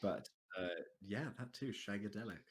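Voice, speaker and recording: A man co-hosting a casual podcast, joking around in halting, rambling bursts full of restarts. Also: low voice, lively intonation, fairly bright tone. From Australia. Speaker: podcast co-host.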